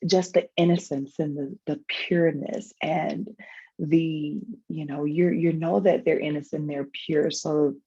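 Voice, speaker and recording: Joining a panel over a video call, a woman who founded a foundation shares a personal story, emotional and reflective, with many fillers and restarts. Her low, husky, mellow voice is fairly even and unhurried, and the audio is dull.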